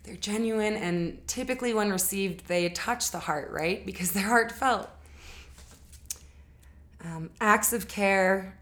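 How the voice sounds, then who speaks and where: A woman's voice: medium pitch, takes it slowly, fairly bright tone. Earnest woman teaching in casual talk. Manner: conversational and earnest, with frequent fillers and self-corrections. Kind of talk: casual spoken lesson.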